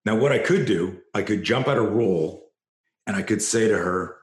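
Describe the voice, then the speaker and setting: A deep-voiced man speaks as a self-defense coach, passionate and blunt, swearing and circling back over his words. The recording has a noticeable room echo. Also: brisk. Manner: passionate, profane, repeats himself at restarts. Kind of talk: storytelling interview guest.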